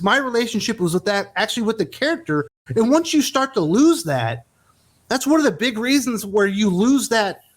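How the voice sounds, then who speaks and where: A man with a fairly high voice that swings widely in pitch, hosting a casual chat. He talks emphatically and animatedly, building his points with examples. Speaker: podcast host.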